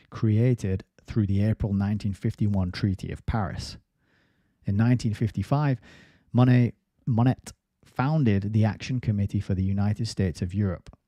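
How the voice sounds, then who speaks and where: A man reads through a book at an even pace, with a few casual side remarks. His voice is very dark and a bit low. The sound is dry, with no room around it. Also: no echo. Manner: steady reading with brief casual asides. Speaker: book reviewer reading aloud. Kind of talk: reading a book aloud with asides.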